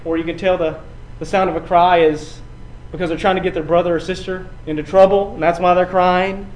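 A man preaching a sermon, building from quiet passages to loud, emphatic runs and often repeating his words. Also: sits high, flat delivery, fairly quick, rough recording. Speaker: pastor.

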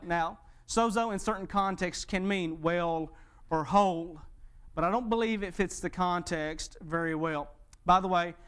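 Male pastor preaching, dramatic pauses, clear smooth tone. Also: high-pitched. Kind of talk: sermon.

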